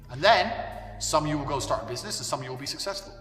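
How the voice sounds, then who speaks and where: A man's voice: fairly high pitch, expressive, very fast, bright, forceful tone. A man delivering a blunt, profane ranting monologue as an online commentator. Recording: echoey hall, voice far from mic, faint music.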